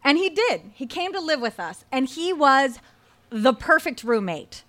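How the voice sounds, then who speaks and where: A young adult woman telling a true personal story with wry, animated comic timing. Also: sits high, unhurried.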